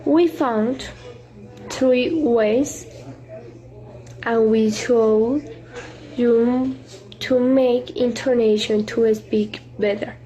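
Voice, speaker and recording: A woman student introducing her class video, speaking carefully in halting English. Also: fairly high pitch, fairly even intonation, dark tone, poor audio. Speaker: student presenter.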